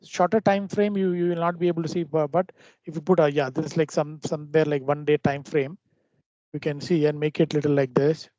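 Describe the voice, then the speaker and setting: A man teaching a trading lesson over a screen share, explaining in a halting way with frequent restarts. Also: a little high, little pitch movement, dark tone, dry recording. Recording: dull lo-fi dry recording.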